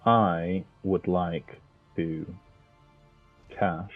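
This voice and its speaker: A man's voice: sits low, fairly even intonation, drawn-out words, dry recording, soft background music. A man playing in a tabletop game, casual and given to swearing. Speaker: player. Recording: dull lo-fi mic.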